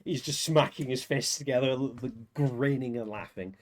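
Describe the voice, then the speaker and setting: A man's voice: mid-range voice, normal speed. A man narrating as game master, chuckling often and stumbling into restarts. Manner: rambling, chuckling, many restarts.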